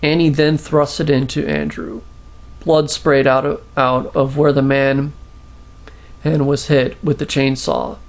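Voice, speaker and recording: A man reading his own short story aloud, halting with restarts and fillers. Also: mid-range voice, little pitch movement. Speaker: storyteller, channel host.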